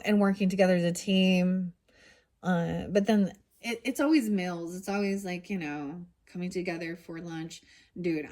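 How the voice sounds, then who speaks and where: A middle-aged woman with a somewhat low voice talks through a card reading in an easy, rambling way. She drifts between points and scatters "dude" and "you know" through her talk. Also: a little mellow. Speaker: tarot card reader. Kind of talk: casual card-reading chat.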